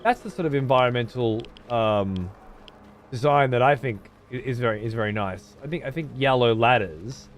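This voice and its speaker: A man giving casual gameplay commentary as a streamer, profane and sarcastic. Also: medium pitch.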